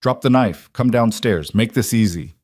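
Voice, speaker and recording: Narrator voicing a controlled Russian gangster, calm menace, deep and dry. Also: male voice, moderate pace, no echo. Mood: menacing. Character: cold, calm male Russian mob boss.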